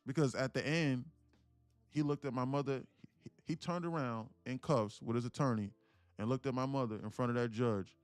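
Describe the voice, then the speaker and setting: Guy around 30 on a livestream, mid pitch, keeps going listen look, swears a lot, dry close mic, bit of music behind. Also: moderate pace, clear, resonant tone, dry recording. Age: about 30. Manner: emphatic, repetitive, keeps saying "listen, look"; swears casually, heartfelt storytelling. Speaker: day trading streamer. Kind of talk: live stream talk to viewers.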